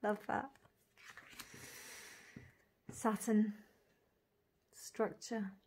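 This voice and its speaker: A woman walking through an oracle deck card by card, calling out each name and meaning with soft, gushing admiration. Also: mid-range voice, flat delivery, drawn-out words, slight background noise. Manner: dreamy, admiring, lingers on single words; soft laughs and gushing asides. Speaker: tarot reader reviewing an oracle deck. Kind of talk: casual unboxing walk-through.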